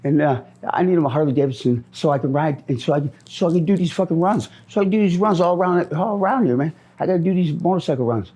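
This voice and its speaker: A man's voice: on the high side, animated, fast talker, few pauses, mellow, slightly rough. A middle-aged man from Minnesota answering interview questions on the street, rambling, repeating himself and often ending with "man.".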